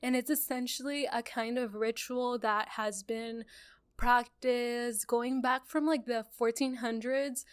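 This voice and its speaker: Woman, podcast co-host, animated storyteller, higher voice, clear smooth tone. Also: a little slow. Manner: animated storyteller, acts out quotes, laughs often. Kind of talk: casual podcast chat.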